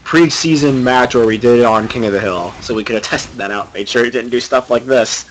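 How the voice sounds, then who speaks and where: Young male co-caster, mid pitch, easygoing and jokey, faint background noise. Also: fairly quick. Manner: joking, laid-back. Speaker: game co-commentator. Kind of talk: casual game commentary.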